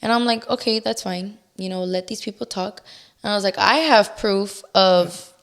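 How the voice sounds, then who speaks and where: A woman's voice: mid-range voice, a little fast, gravelly. A young woman guest in a casual interview, candidly retelling events with lots of "like" and re-enacted outbursts. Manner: candid, animated storytelling with many "like"s and re-enacted outbursts. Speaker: podcast guest.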